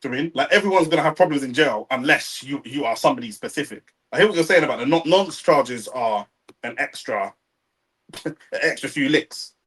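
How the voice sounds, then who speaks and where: A man's voice: mid-range voice, animated, quick pace, fairly bright tone, breathy edge, poor audio. A young man with a London accent, co-hosting a live stream in casual banter, reading viewer chat and dropping slang like bro and innit. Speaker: watchalong co-host.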